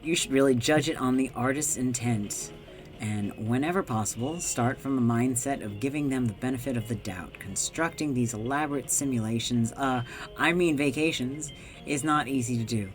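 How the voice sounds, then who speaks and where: A man reading aloud a smooth, persuasive game narrator in a measured, coaxing way. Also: medium pitch, faint music behind, close to an everyday voice.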